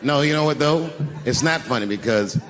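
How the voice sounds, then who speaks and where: A man performing a stand-up comedy set, animated and shouting the punchlines, recorded live in a large echoey venue with the audience heard behind him. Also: mid-range voice, normal speed, slight background noise.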